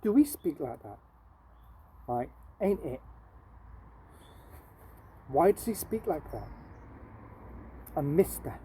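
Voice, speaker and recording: A woman teacher reading a novel aloud to her pupils, speaking softly and asking them questions. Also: deep voice, unhurried, long pauses, slight background noise, low-quality recording. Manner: soft, steady, asks pupils questions.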